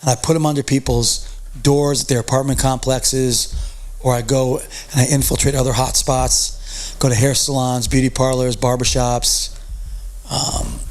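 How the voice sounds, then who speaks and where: A man guesting on a podcast, telling a story casually and acting out the quoted dialogue in a raised voice, with loose, profane street talk. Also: medium pitch. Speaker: podcast guest, music promoter.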